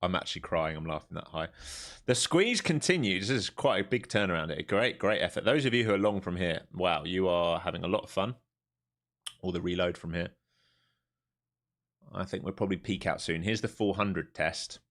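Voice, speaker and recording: This English trader's voice sits low with a fairly bright tone. On his live stream he calls out futures price levels, filling the gaps between chart calls with easy chatter, frequent laughter and quick jokes.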